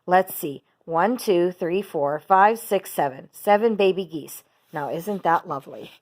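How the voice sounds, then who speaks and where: A woman's voice: on the low side, measured pace, natural voice. A woman voicing a cheerful, friendly male farmer in a read-aloud storybook.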